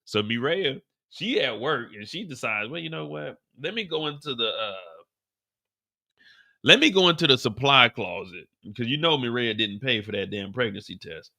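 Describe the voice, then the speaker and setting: A man hosting a live after-show, recapping a TV episode with animated, profane storytelling. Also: medium pitch, normal speed, gravelly. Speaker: host.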